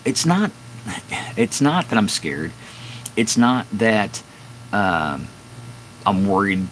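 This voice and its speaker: A man's voice: fairly low pitch, a little hiss or hum, rough recording. A man in his fifties casually telling a long, candid story on a live stream from his garage, rambling with fillers and restarts. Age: 50s. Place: home garage with door open at dusk.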